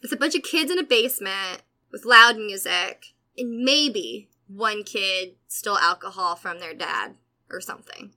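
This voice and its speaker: A young woman from Atlanta telling a casual story with animated quoted voices and frequent laughter. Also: medium pitch, unhurried. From Atlanta, USA. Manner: animated, laughs often, acts out quotes loudly.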